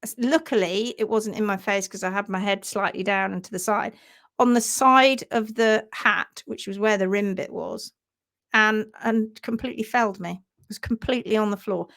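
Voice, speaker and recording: A woman, a hoof trimming instructor, telling an animated story on a live stream and acting out sounds and voices. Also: mid-range voice, normal speed.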